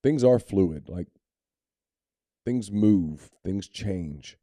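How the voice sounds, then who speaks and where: A man's voice: deep voice, animated, extremely slow, warm tone, no room sound, clean studio sound. A man co-hosting a sports podcast, talking candidly and opinionatedly in casual chat, with frequent restarts. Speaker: podcast co-host.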